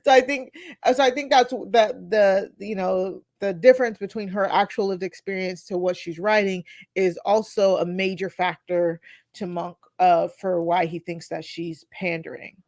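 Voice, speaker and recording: A woman's voice: medium pitch, fairly even intonation, normal speed, darkish tone, no echo, studio quality. A woman co-hosting a casual podcast film review, rambling through her thoughts and laughing often. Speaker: podcast co-host.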